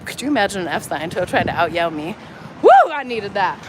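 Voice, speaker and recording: With street traffic noise in the background, a protesting woman argues heatedly outdoors, blunt, combative and profane. Her voice is fairly low-pitched, quick and lively in intonation.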